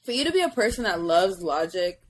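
A woman's voice: fairly low pitch, sing-song, brisk, slightly rough. A young woman in casual podcast chat, teasing and mimicking other people's voices. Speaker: podcast co-host.

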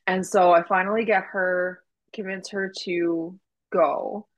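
A woman's voice: lowish voice, slow pace, lo-fi sound. A woman, a doula, telling a story in casual podcast chat, acting out quoted dialogue. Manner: animated retelling with quoted dialogue and laughs.

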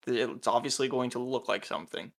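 A man's voice: mid-range voice, fast talker, vocal fry, a bit bright. A man acting as game master of a tabletop role-playing game, patiently explaining rules to a new player.

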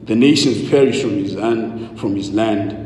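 A male preacher praying and opening a sermon in a solemn, deliberate manner. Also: on the low side, darkish tone. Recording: echoey hall with long reverb.

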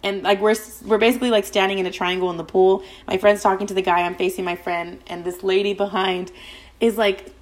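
A young adult woman hosting a podcast, telling a story in casual chat: fast, profane and gossipy, with "like" all through. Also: medium pitch, little pitch movement. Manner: rapid, profane, gossipy, heavy use of "like". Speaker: podcast host.

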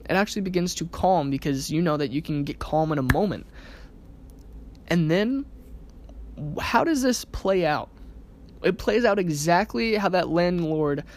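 A podcast host giving a casual self-help monologue in a conversational way, often checking in with the listener by asking "right?" and laughing now and then. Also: mid-range voice.

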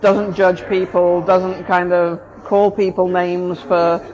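A woman's voice: fairly low pitch, little pitch movement, takes it slowly, a little mellow, dull audio. A woman, a therapist co-hosting a casual talk, explaining her ideas thoughtfully with examples. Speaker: therapist, podcast co-host. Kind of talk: casual conversation.

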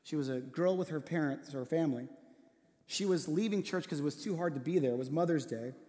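A man preaching a sermon, telling a personal story in an earnest way that sometimes drops to a hush. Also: a little high, a little fast. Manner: earnest storytelling, drops to a hushed voice for tender moments. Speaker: pastor. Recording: long hall reverb.

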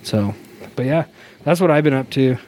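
A man's voice: medium pitch, expressive, normal speed, darkish tone, slight background noise. A man co-hosting a podcast in casual chat, upbeat and chatty, often laughing as he talks. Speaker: podcast co-host.

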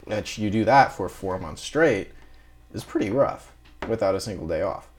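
A man's voice: lowish voice, lively intonation, normal speed. A man, a marine engineer, chatting casually and telling rambling work stories, acting out what people said and laughing along. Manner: rambling storyteller who acts out dialogue and laughs.

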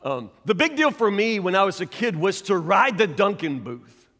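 A man preaching a sermon, telling a folksy story with animated, loud bursts and saying y'all. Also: high voice, normal speed. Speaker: pastor. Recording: long hall reverb.

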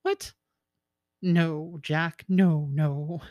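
A woman's voice: low voice, steady tone, extremely slow, a little mellow, no room sound, lo-fi sound. A woman voicing an old male merrow, a jovial and sly sea creature, in a folktale reading with coaxing, teasing banter.

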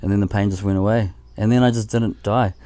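A man's voice: fairly low pitch, steady tone, fast, crowd noise. A man in his thirties or forties, a podcast guest, chatting casually in a rambling, frank way with lots of fillers and swearing. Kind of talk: casual chat.

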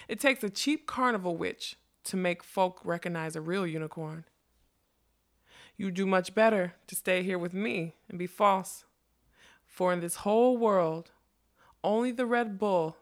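A woman's voice: on the low side, measured pace. A woman reading a storybook, voicing a scheming old carnival witch with a sweet, smoky, mocking voice. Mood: gloating. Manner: mocking, snarling when crossed.

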